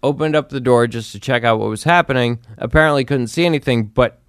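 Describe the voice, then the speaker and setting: A man's voice: mid-range voice, quick pace, clear, resonant tone, dry recording, clean studio sound. A man co-hosting a podcast, telling a story in casual chat and acting out the people in it. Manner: animated storytelling, quotes people in acted voices. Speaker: podcast co-host.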